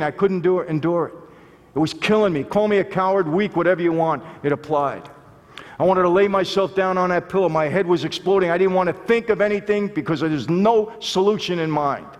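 A man giving an earnest, emphatic testimony speech to a live audience in a large hall, often calling out to them directly. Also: sits high. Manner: earnest, emphatic, addresses listeners as "people". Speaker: speaker telling his life story to an audience. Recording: long hall reverb.

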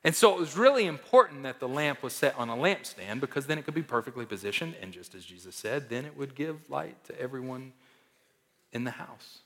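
A male pastor delivers a sermon with emphatic force, rising to loud declarations and dropping to near-hushed asides. His voice sits at an ordinary middle pitch. It rings out through a reverberant church hall with a long echo tail. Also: animated, brisk.

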